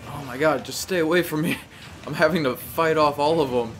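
Animated young man narrating his gameplay. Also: on the high side, brisk, a little hiss or hum. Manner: animated, talks to the game, frequent exclamations. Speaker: gameplay commentator. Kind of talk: casual live gameplay commentary.

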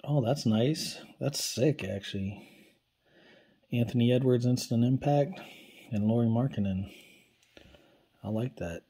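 A man opening basketball card packs on camera, commenting quietly and casually as he goes. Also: unhurried, pauses often, slightly rough. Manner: low-key, talks quietly while handling cards.

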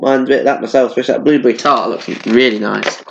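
A man's voice: medium pitch, fairly even intonation, fast talker, creaky, few pauses, noisy background. A male primary school teacher with a British accent reads a story aloud to children, stopping for chatty asides. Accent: British English. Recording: dull lo-fi sound.

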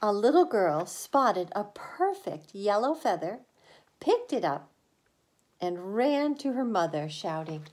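A woman preschool teacher reading a picture book aloud to young children, slow and expressive, with lifts in pitch on some lines.

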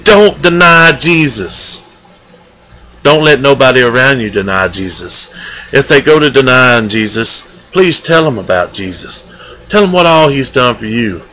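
A man giving a daily devotional, earnest and homespun in manner, with loose everyday grammar and drawn-out emphatic phrases. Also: mid-range voice, expressive, bright, forceful tone, low-quality recording. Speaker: lay preacher. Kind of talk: folksy daily devotional sermon.

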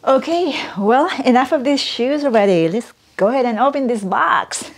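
A woman vlogger chatting casually as she unboxes a gift, excitable and giggly, gushing as she goes. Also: fairly high pitch, normal speed, husky.

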